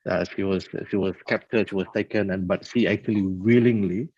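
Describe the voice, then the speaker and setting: A man telling religious stories in a casual, halting way, often checking in with his listener. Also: deep voice, fairly even intonation, a little mellow, breathy edge, no room sound. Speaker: religious talk speaker. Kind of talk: casual religious storytelling talk. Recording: dull lo-fi dry recording.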